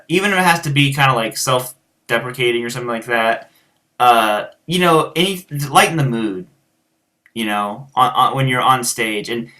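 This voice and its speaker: Bright-voiced American man, rambling. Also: mid-range voice. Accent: rural American. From United States. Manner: rambling, many fillers and restarts. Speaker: guitar teacher and show host. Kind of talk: casual chat answering viewers.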